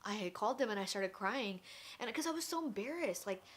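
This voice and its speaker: Young adult woman, candid personal storyteller, animated, acts out the voices she quotes. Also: mid-range voice, brisk. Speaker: vlogger.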